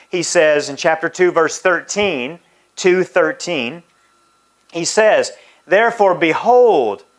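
Slow, emphatic male preacher. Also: on the high side, fairly bright tone. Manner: reads scripture aloud with emphatic, drawn-out phrases. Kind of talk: sermon.

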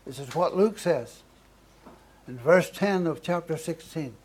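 A man's voice: a little high, lively intonation, measured pace, breathy edge. A man preaching a sermon, earnest, building emphasis through short repeated phrases.

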